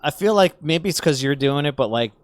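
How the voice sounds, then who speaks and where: A middle-aged man hosting a podcast, relaxed and laughing easily in casual chat. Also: fairly high pitch, a little fast, no room sound, clean studio sound. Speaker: podcast host.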